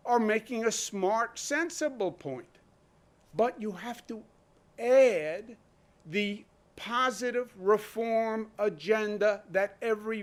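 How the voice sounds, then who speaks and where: A man speaks at a press conference in a fairly high voice. He argues emphatically and keeps asking rhetorical questions, like a governor addressing the public. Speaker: state governor. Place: press room.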